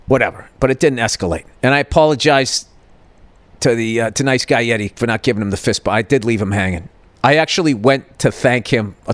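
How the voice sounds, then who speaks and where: A man's voice: mid-range voice, fairly bright tone, no echo. A man in his fifties, a podcast host, telling a comedic story in a profane, exasperated rant and acting out both sides of an argument.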